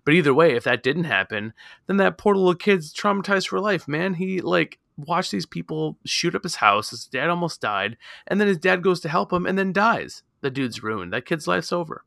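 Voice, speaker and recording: A man co-hosting a casual podcast, talking about a film in an animated way, swearing freely and mocking the characters. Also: a little high, moderate pace, gravelly, no room sound, clean studio sound. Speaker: podcast co-host. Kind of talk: casual movie discussion.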